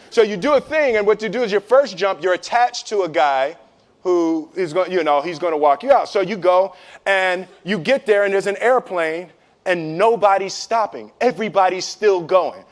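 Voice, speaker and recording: Male speaker, high pitch, animated anecdotal delivery with frequent laughs and restarts. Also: normal speed. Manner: laughs often, repeats and restarts words, acts out quotes. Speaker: guest speaker telling a story.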